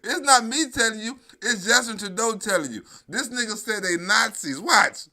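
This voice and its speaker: A man's voice: sits high, lively intonation, moderate pace, pushed and bright. A middle-aged man from New York giving profane, mocking live-stream commentary on news clips, laughing and swearing constantly.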